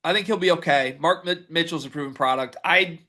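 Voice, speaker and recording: Hiccuping as he goes, this man co-hosts a sports podcast, reading stats and teeing up each question in a relaxed, chatty way. His voice is a little high, fairly quick, and pushed and bright.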